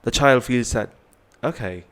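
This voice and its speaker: Speaking to camera with a lowish, unhurried voice, a man gives earnest parenting advice. He repeats himself and often tags his points with "right?"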